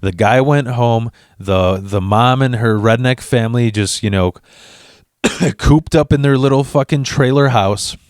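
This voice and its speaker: A young man tells a long storytime rant, cursing constantly and tripping over restarts. His pitch sits in a middle range, and the sound is dry and close. He jumps into quoted voices, often higher and louder. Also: measured pace, clean tone, no echo. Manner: profane and animated, acting out quotes; restless stammers and restarts. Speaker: vlogger.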